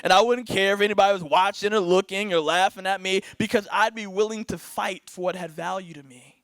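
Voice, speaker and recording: A young man giving a motivational keynote to a live audience, energetic and playful, laughing often and keeping the crowd involved with "right?". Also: high voice, fairly quick, no room sound. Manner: laughs often, acts out bits. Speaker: keynote speaker. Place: event stage before a live audience.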